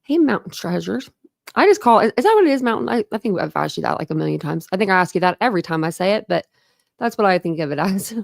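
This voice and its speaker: A woman hosting a livestream, chatting casually and greeting her viewers one by one, warm and grateful toward them. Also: mid-range voice, big pitch swings, fast talker, creaky, dry recording, studio quality. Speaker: livestream host. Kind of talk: casual live chat with viewers.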